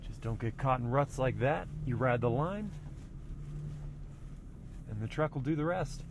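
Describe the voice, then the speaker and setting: A man reviewing a pickup truck, casually explaining what he does as he drives it slowly along an off-road trail. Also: medium pitch. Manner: relaxed, explanatory, thinking aloud. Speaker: car reviewer. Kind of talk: casual driving commentary. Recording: vehicle noise clearly heard. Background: engine and trail noise.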